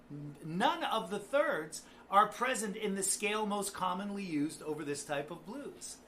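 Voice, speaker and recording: Bright-voiced, chatty man teaching guitar. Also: sits high, a little hiss or hum. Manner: chatty, joking asides. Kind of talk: casual video lesson. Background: guitar playing.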